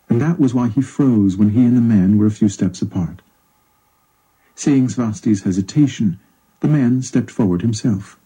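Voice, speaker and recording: A man narrating a story in a measured, even storytelling delivery. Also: lowish voice, husky, rough recording. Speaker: audiobook narrator.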